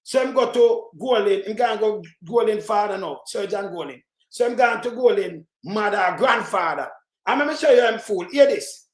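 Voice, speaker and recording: A heated Jamaican voice at a middling pitch tears into its targets with profanity and bursts of shouting. The sound carries a roomy echo, as if from a bare room. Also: moderate pace. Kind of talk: angry political rant.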